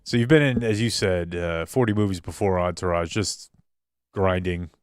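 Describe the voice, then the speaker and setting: A man hosting a casual studio interview, laughing easily and chiming in quickly. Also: low voice, clean tone, no echo. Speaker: show host.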